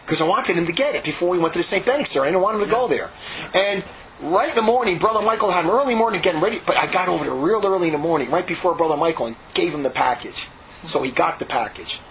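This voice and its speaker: A man giving a rambling spoken testimony, repeating himself and restarting his sentences in excited bursts. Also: high-pitched. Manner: repetitive, restarts often, excitable. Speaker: former monastery resident giving testimony. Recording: tinny phone-like audio with faint hiss.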